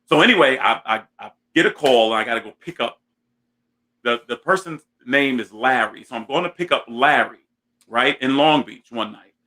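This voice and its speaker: A man in his thirties hosting a talk show, telling a comic story in an animated, self-mocking way. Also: mid-range voice, normal speed. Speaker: host.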